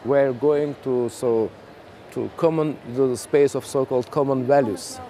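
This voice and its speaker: Mellow-voiced diplomat from Azerbaijan. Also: male voice, mid-range voice. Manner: measured, diplomatic, non-native English with fillers. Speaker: ambassador. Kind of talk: round table discussion.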